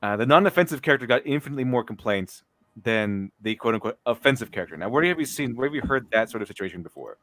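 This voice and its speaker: A man's voice: mid-range voice, expressive, fast, fairly bright tone, no room sound, studio quality. A man hosting a casual commentary chat, rambling with restarts and a mocking tone. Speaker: podcast host.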